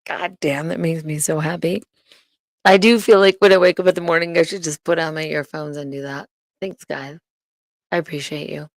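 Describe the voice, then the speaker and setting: A woman's voice: low-pitched, fairly even intonation, normal speed, no echo. A woman hosting her own livestream, ranting in a profane, heated and indignant way. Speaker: livestream host.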